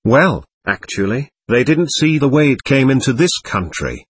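A man reading the lines of an aloof, mysterious young woman in her twenties, in a calm, evasive, matter-of-fact way and his own husky voice. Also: medium pitch, normal speed, dry recording.

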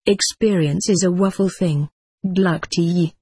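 Gruff ship's chief, man, husky and fatherly, as a reader puts him on; dry close sound. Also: medium pitch, steady tone, a little slow, mellow, dry recording. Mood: coaxing.

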